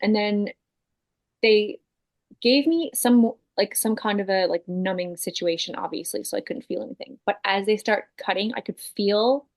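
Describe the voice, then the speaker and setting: A woman in her thirties, a podcast guest, telling a personal story in a casual, animated way, full of fillers and the odd swear word. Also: mid-range voice, moderate pace, gravelly. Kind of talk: casual chat.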